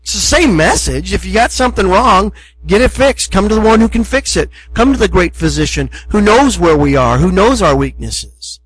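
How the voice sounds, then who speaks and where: A man's voice: sits high, animated, normal speed, breathy edge, low-quality recording. A middle-aged male pastor preaching a sermon in a conversational, emphatic way, acting out short asides.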